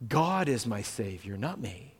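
A man preaching a sermon as pastor, telling stories in a conversational way and reading scripture slowly. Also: mid-range voice, big pitch swings, slightly rough. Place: church sanctuary. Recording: long hall reverb.

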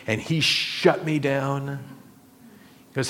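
A man preaching a sermon to his church, slow and emphatic, building on repeated phrases. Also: medium pitch, a bit bright. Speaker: pastor.

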